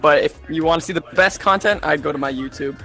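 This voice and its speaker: A man's voice: on the high side, quick pace, pushed and bright, soft background music. A young man on a creator panel, talking casually, playful and joking with frequent laughs. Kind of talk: casual chat.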